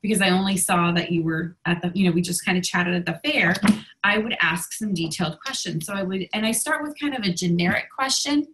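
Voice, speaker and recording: A woman's voice: fairly low pitch, brisk, background noise. A woman coaching her sales team in a casual video, a little out of breath and talking with many ums and restarts.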